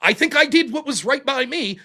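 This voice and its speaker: Man, very high voice, bright and forceful, blunt and profane, casual guest chat. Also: brisk. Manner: blunt, profane, animated storytelling. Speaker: guest streamer and debater. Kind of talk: casual podcast conversation.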